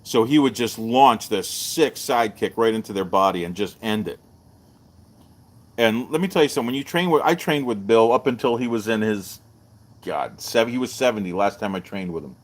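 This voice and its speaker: Man spinning a martial arts yarn. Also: moderate pace. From Texas. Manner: animated storyteller, jumps up in pitch for quoted voices. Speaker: martial arts show host. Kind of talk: casual storytelling to a live stream.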